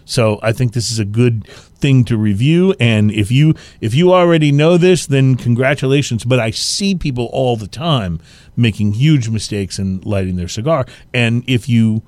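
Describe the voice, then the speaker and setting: A man co-hosting a casual chat show, relaxed and rambling with a self-deprecating humor. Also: mid-range voice, moderate pace, no echo. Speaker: podcast co-host.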